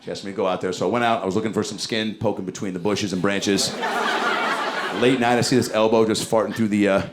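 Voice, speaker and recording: A man in his forties doing a profane, rapid-fire stand-up set, with mumbled asides and loud bursts, on a handheld mic on a club stage. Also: lowish voice, steady tone, background noise. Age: 40s. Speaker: stand-up comedian. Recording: loud audience laughter and room ambience.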